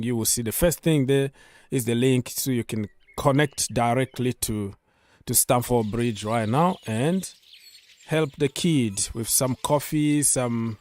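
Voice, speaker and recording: A man's voice: mid-range voice, darkish tone, no echo. Chatty man hosting a football live stream. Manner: chatty, loose, repeats himself and reads out viewer comments. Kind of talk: casual live-stream chat.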